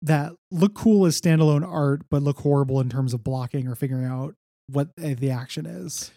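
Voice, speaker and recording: A man's voice: fairly high pitch, brisk, gravelly, dark tone, dry recording. A man co-hosting a comic book podcast, recapping issues in a wry, rambling casual chat with dry jokes.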